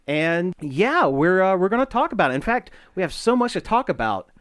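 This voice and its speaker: A man co-hosting a pop culture podcast in casual chat, animated and laughing often, with many fillers and restarts. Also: high voice, brisk, clean tone, dry recording, clean studio sound. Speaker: podcast co-host.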